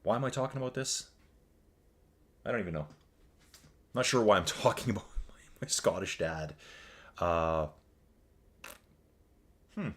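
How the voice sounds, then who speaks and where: A Canadian man with a deep voice and a Canadian accent rambles through casual live-stream commentary on a virtual bike race, reading viewer chat aloud. He's animated but unhurried, leaving long pauses.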